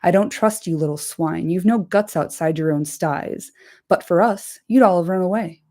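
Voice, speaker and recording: A woman reading the part of a brutal male orc captain with a deep growl, boastful and barking orders. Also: moderate pace, a little mellow, lightly acted. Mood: gruff.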